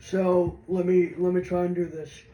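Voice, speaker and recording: A man's voice: high voice, little pitch movement, normal speed, highs cut off, faint music behind. A man hosting a casual computer walkthrough, explaining in a rambling, hesitant way with many restarts. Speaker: tech video host. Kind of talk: casual screen-reader walkthrough. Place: indoors at a computer. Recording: roomy room with faint noise.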